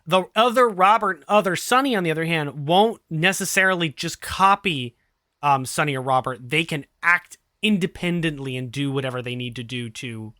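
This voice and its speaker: A man acting as game master, narrating a tabletop game with animated, laugh-filled explanations. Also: on the high side, normal speed, dry recording, clean studio sound.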